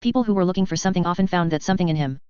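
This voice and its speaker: Woman audiobook narrator, brisk steady read, slightly dull lo-fi audio. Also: on the low side, clean tone, no room sound. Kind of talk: scripted narration.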